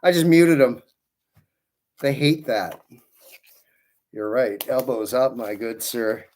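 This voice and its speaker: A man hosting a live balloon-twisting stream who talks at an unhurried, slow pace in a middle-pitched voice. He greets viewers by name and drifts into rambling, friendly asides. He keeps working with his hands as he chats. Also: darkish tone, slight background noise. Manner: works with his hands while talking. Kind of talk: casual livestream chat with viewers.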